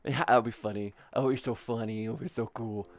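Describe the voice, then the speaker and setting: A woman's voice: rumbling low, steady tone, a little fast, soft background music. A young woman chatting on a live stream, playful and crude, calling her chat sweetie and baby. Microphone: headset boom mic.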